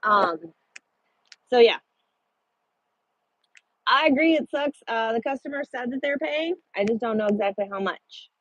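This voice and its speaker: A husky, slightly breathy woman talks bluntly and swears freely as she chats with her livestream viewers about trucking. The sound is dry and close, with a dull, lo-fi edge. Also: fairly high pitch, animated, unhurried, pauses often, fairly bright tone, no echo. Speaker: truck driver. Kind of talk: casual livestream chat with viewers.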